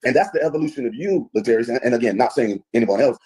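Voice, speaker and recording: A man's voice: mid-range voice, lively intonation, racing, warm tone, rough recording. A man speaking in reflective, conversational podcast talk.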